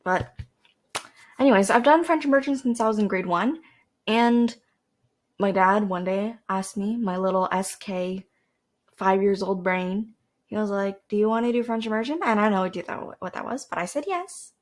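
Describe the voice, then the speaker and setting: A woman's voice: mid-range voice, normal speed. A teenage girl from Canada, rambling casually to camera as a podcast host, with lots of fillers and restarts. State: dry throat.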